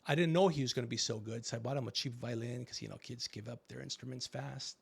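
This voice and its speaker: A middle-aged man hosting a podcast, telling stories in a casual comedic chat and acting out quotes with animated voices. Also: mid-range voice, quick pace, creaky, breathy edge. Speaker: podcast host.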